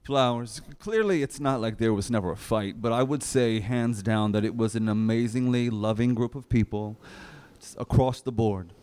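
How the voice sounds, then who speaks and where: A man reads first-person testimony at a live reading. His voice sits at a middle pitch. He tells it in a reflective, gentle way. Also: moderate pace, smooth. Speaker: reader at a live oral-history reading. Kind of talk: read-aloud testimony.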